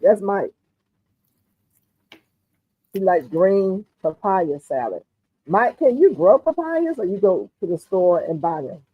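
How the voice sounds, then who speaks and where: A woman's voice: mid-range voice, takes it slowly, pauses often, slightly rough, dry recording. Chatty Southern woman on a phone-thin line. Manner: relaxed, chatty, frequent "mm-hmm". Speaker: livestream host. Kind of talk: casual chat, reading the live chat aloud. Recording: dry, phone-like narrow sound.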